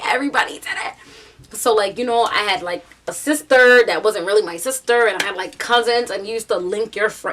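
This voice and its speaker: A young woman with a New York accent telling a story casually, full of "like" and "um", bringing the people in it to life. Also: medium pitch. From United States. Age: young adult. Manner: chatty, animated storytelling with quoted voices; many fillers like "like" and "um". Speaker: vlogger.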